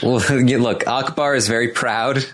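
A man co-hosting a casual podcast chat, rambling with frequent ums and restarts and slowing down to announce each competitor. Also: medium pitch, fairly even intonation, a bit bright. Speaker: podcast co-host recapping episodes.

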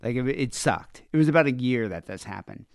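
A man hosting a podcast, chatting casually in a relaxed, rambling way. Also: mid-range voice, brisk, vocal fry, no echo, studio quality. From United States. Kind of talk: casual chat.

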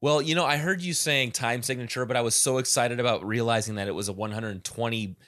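A man's voice: mid-range voice, fast, a bit bright, no room sound, clean studio sound. A man co-hosting a podcast over a call, chatting enthusiastically and rambling with restarts. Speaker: podcast co-host. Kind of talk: casual chat on a call.

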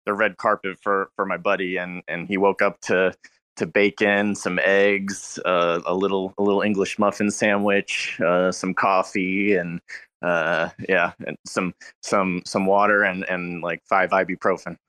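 A hungover man on a casual chat, telling a story in halting bits with many fillers and restarts. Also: low-pitched, level tone, sharp tone, no room sound. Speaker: guest.

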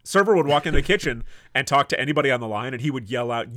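A man's voice: mid-range voice, rapid-fire, sharp tone, no echo, studio quality. A man co-hosting a casual podcast, telling kitchen stories in a blunt, profane way and laughing often. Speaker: podcast co-host, former cook. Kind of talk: casual chat.

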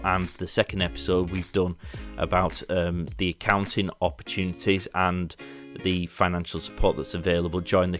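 A man with a Yorkshire accent hosting a casual business podcast, chatty and rambling, laughing often. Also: deep voice. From Leeds, England. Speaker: podcast host. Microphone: remote online call.

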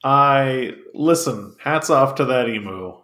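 A man's voice: mid-range voice, lively intonation, takes it slowly, fairly bright tone. A man co-hosting a casual comedic chat, with a dry, wry delivery. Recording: echoey room.

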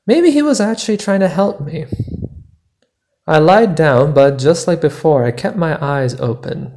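A man hosting a podcast, narrating a personal travel story in a measured, deliberate way. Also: high-pitched, a little mellow. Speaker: podcast host.

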